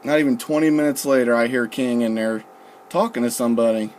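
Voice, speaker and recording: A young man casually telling a story, profane and relaxed, quoting people with "I'm like" and "he goes.". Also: mid-range voice, fairly quick, slight background noise. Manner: profane, laid-back, quotes others with "I'm like" and "he goes". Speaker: storyteller recalling his recruit days.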